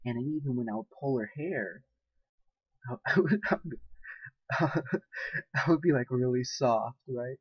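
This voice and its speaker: A young man talks straight to camera in a loose, profane vlog, laughing often. His voice is husky and close, with no room sound. The recording is dull and lo-fi. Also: medium pitch, a little slow, pauses often, no room sound. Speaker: vlogger. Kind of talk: casual monologue to camera.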